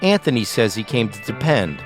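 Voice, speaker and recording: A man hosting and narrating a documentary podcast in a measured, plain storytelling voice. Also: on the low side, sing-song, over music.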